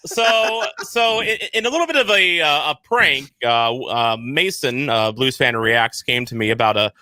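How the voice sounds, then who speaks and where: A man's voice: medium pitch, animated, measured pace, bright, forceful tone, no room sound. A man hosting a casual podcast, rambling and self-deprecating, often stumbling and repeating words. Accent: St. Louis. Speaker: podcast host.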